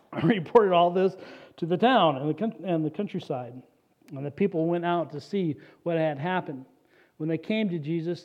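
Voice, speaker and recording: A man preaching a sermon as a pastor, animated and conversational, with casual asides to the congregation. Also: a little high. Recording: dull lo-fi recording.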